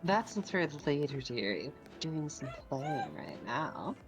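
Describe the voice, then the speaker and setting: A woman's voice: low voice, sing-song, slow, over loud music. A woman chatting playfully and teasingly with friends while playing a game. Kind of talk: casual gaming chat.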